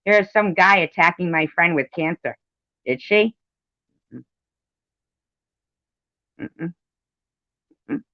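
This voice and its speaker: A man's voice: high-pitched, lively intonation, slow, pauses often, bright, forceful tone, no echo. A man delivering an angry, profane commentary rant, indignant and repetitive, on a dull lo-fi recording. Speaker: commentary vlogger. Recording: dull lo-fi sound.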